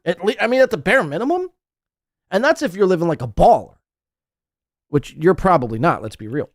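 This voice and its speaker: Guy ranting on a podcast, swears a lot, voice jumps all over, kinda high. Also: wildly swooping pitch, moderate pace, long pauses, dry recording, studio quality. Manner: ranting, profane, incredulous. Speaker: podcast host. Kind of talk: casual reaction commentary.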